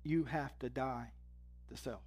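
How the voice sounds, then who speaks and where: A man preaching a sermon, reading scripture with rising intensity and dropping low and quiet to drive points home. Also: measured pace, faint music behind.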